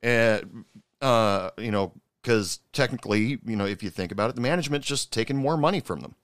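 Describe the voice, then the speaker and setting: A man tells a story in a loose, rambling way, stopping often to restart his sentences. He slips in indignant asides as he goes. His voice is smooth and clear, recorded dry and close. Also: medium pitch, expressive, brisk, a bit bright, no room sound. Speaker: commentator recounting a TV episode. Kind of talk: casual storytelling commentary.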